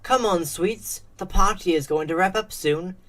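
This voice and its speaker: A woman voicing a gentle, loving middle-aged mother who speaks softly and reassuringly. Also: lowish voice, normal speed, natural voice. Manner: soft, soothing, reassuring.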